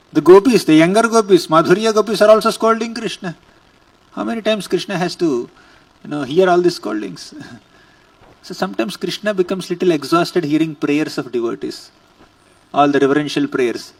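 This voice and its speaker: High-voiced man giving a scripture talk. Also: no echo, recorded from a distance, low-quality recording. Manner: emphatic storyteller, chants verses. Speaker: spiritual teacher. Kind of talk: scripture lecture.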